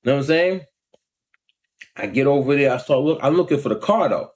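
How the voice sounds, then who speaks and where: Animated New man telling a story. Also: mid-range voice, brisk. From Long Island, New York. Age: 40s. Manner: animated, acts out quoted voices, frequent "you know what I'm saying". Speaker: vlogger. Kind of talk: casual storytelling rant.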